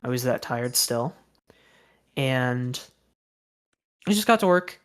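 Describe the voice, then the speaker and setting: A young man talks on his stream in a loose, storytelling rant, his voice sitting at an ordinary middle pitch. He sounds exasperated and aggrieved, swearing freely as he goes. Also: expressive, takes it slowly, pauses often, a bit bright, clear, resonant tone.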